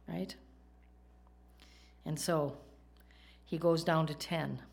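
A woman's voice: lowish voice, a little mellow. A woman preacher giving a sermon, explaining Hebrew words and telling jokes along the way.

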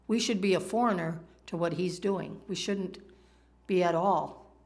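A woman preaching a sermon in a conversational way, often asking her listeners questions. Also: on the low side. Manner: conversational, asks the audience questions.

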